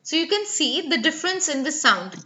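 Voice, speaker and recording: A woman's voice: high-pitched, sing-song, brisk, pushed and bright, muffled recording. A woman teaching English pronunciation in a live online class, carefully enunciating sample words and coaxing students by name. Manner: clearly enunciating model words.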